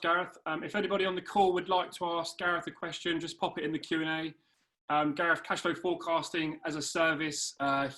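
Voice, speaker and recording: A man hosts a live webinar, friendly and relaxed. He pauses often on "uh" and "um". His voice is a touch higher than most men's. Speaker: webinar host.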